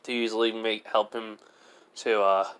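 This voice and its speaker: A man's voice: lowish voice, little pitch movement, normal speed, a bit bright, clear, resonant tone. A man telling an improvised fan story in a rambling way, full of fillers and self-corrections. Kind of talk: improvised fan-fiction narration.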